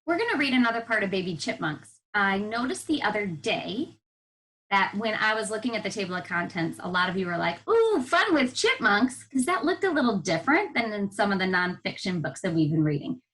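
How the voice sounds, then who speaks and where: On a low-quality recording, a woman with a medium-pitched voice teaches a televised reading lesson to first graders. She is patient and encouraging as she guides them through the sounds in words, speaking slowly and with lively warmth, as a teacher does with young children.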